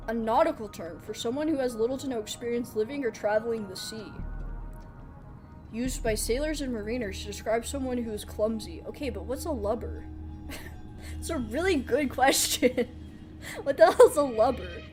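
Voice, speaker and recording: A woman's voice: a little high, moderate pace, a little mellow, faint music behind. A woman streaming a video game, chatting casually and playfully with her chat and laughing often. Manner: chatty, giggly, playful, reads chat aloud. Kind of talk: casual live-stream chat while gaming.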